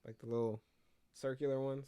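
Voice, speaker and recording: A man's voice: mid-range voice, level tone, fairly quick, warm tone, smooth. A young man co-hosting a podcast in casual chat, rambling and jokey, often correcting himself mid-sentence. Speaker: podcast co-host.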